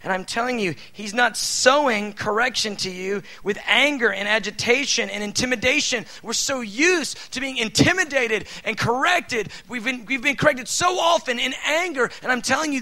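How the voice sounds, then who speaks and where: A middle-aged man preaching a sermon in a conversational way, full of fillers, swinging between loud emphatic bursts and soft asides. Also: extremely high pitch, expressive, normal speed, rough recording. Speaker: pastor.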